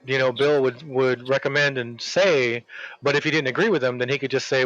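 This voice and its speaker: A man telling a long workplace story in casual chat while streaming a game, rambling and animated, acting out the people he quotes. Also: medium pitch, brisk, dry recording, dull audio.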